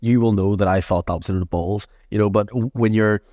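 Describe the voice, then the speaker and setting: A man hosts a podcast in a relaxed, encouraging way. His voice sits on the low side, and the recording is close and dry. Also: a little fast, dry recording. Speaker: podcast host. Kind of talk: casual chat.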